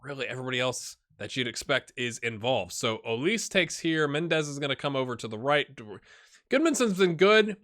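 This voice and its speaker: Bright-voiced chatty man gaming. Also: mid-range voice, animated, fairly quick. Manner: chatty, rambling, addresses viewers as "my friends". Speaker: gaming YouTuber. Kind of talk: casual let's-play commentary.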